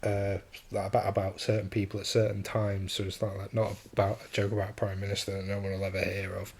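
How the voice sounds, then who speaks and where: A man's voice: fairly low pitch, monotone, fast talker, a little mellow, husky. A man hosting a solo podcast, talking casually and enthusiastically, chuckling often and restarting his sentences. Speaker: podcast host.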